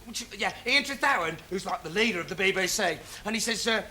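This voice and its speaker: A dim rambling would-be reporter. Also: male voice, high voice, lively intonation, quick pace, bright, forceful tone, slight background noise, heavily acted. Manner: rambling and scatterbrained, with lots of fillers and sudden outbursts. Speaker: comic character in a sketch show. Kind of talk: comic monologue to camera. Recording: old TV audio with a studio audience laughing.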